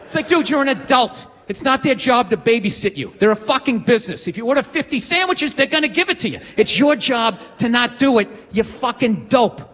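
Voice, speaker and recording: A man's voice: extremely high pitch, lively intonation, a little fast, few pauses, fairly bright tone. A man in his forties doing a profane, exasperated stand-up rant on a comedy stage with a handheld mic. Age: 40s. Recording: live hall reverb, faint noise.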